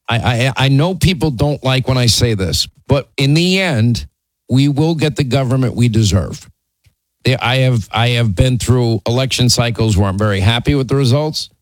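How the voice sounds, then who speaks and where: Male talk radio host, middle pitch, dry close mic, firm and plainspoken. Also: dry recording, low-quality recording. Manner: plainspoken, firm, repeats himself when making a point.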